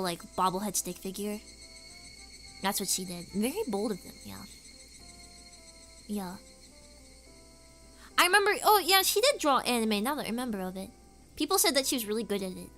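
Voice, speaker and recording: Chatty higher-voiced woman streamer. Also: bright, forceful tone. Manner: rambling, filler-heavy storytelling. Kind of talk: casual stream chat.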